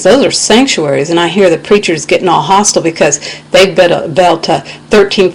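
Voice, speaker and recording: An American woman with a lowish voice delivering a heated personal rant into a webcam. She sounds indignant and preachy, weaving in scripture as she goes. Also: vocal fry, slightly rough, rough recording. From United States. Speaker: video blogger. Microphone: webcam microphone.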